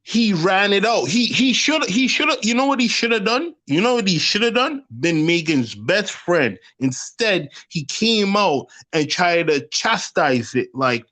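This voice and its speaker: A man's voice: high-pitched, very animated, a little slow, hardly any pauses, sharp tone. A man on a live panel, debating in a heated, casual way, profane and repeating himself.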